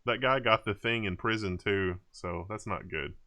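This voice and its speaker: A man's voice: lowish voice, sharp tone. A man hosting a live Q&A, chatting casually and laughing often. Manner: laughs often, drawn-out speech. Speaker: host.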